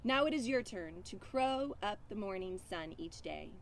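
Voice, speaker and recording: A woman voicing an aged, dying father rooster in a read-aloud farm story, solemn and lowered. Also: lively intonation, unhurried, a little hiss or hum.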